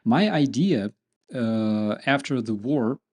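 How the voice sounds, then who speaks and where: Unhurried, joking Ukrainian male host chatting with his viewers, mid-range voice. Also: mid-range voice. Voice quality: animated, joking, with many fillers. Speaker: channel host. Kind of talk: casual chat with viewers, reading comments.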